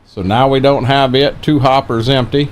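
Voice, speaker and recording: A man's voice: medium pitch, fairly even intonation, moderate pace. An older man giving laid-back, folksy commentary while streaming a farming game. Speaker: gameplay streamer and real farmer. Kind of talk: casual gameplay commentary.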